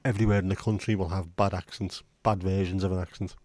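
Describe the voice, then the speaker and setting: Man, casual livestream chat, rambling, chatty, blunt, low-pitched, dry. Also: level tone, quick pace, a little mellow, no room sound. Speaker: livestream host.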